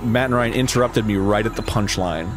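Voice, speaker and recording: A man's voice: lowish voice, a little fast, over music. A man co-hosting a casual chat, telling a rambling story with lots of restarts. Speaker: co-host.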